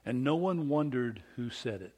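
A middle-aged man preaching a sermon in a conversational storytelling style, moving from loud emphatic bursts to hushed, almost whispered lines. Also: mid-range voice, lively intonation, moderate pace, breathy edge. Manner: conversational, with restarts and storytelling asides. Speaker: pastor.

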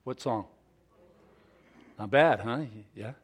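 A middle-aged pastor from Southern California preaches a folksy, self-deprecating sermon, tripping over restarts and shifting from soft asides to loud emphasis. He speaks slowly in a mid-range voice with a breathy edge.

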